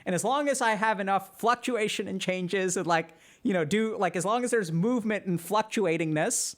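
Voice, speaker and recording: A man's voice: sits high, normal speed. A man explaining ideas on a livestream in a casual, conversational way, with many fillers. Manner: animated, conversational, frequent fillers. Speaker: streamer and psychiatry educator.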